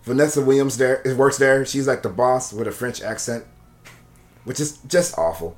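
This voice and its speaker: Reviewing a film on a podcast, this man speaks in a medium-pitched voice at a moderate pace. The chat is casual: he rambles through the recap, laughing a lot and cursing freely.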